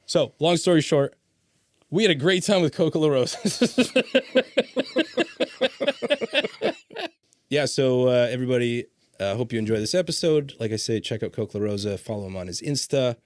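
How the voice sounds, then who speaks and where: A man's voice: medium pitch, big pitch swings, measured pace, pauses often, no echo. A man hosting a podcast, chatting casually, swearing freely and telling stories with laughter. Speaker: podcast host. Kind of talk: casual chat.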